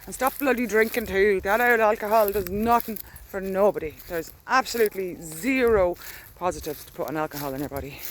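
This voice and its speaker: A woman's voice: medium pitch, a little fast, hardly any pauses, slight background noise. Chatty Irish woman walking outdoors. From Ireland. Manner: chatty, candid, walks while talking. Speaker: dog walker vlogging. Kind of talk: casual rambling diary vlog. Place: outdoors in a rural field.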